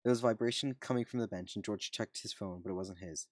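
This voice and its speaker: A man reads a story aloud in a low voice. He stumbles and restarts now and then. The sound is dry and close. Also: quick pace, few pauses, no echo. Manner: plain, with slips and restarts. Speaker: reader. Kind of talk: reading fan fiction aloud.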